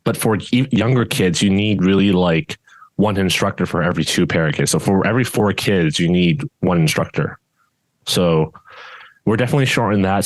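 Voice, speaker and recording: Low-voiced male judo coach, casual podcast co-host, even unchanging tone, rambling delivery, dry close sound. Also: dry recording. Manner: steady tone that does not rise even when louder; rambling, with many restarts and fillers.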